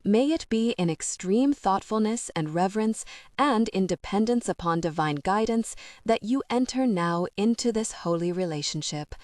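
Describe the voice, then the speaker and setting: A woman playing a short, kind older male reverend with a thick foreign accent, speaking in a slow, solemn liturgical way. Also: sits high, animated, no room sound, studio quality.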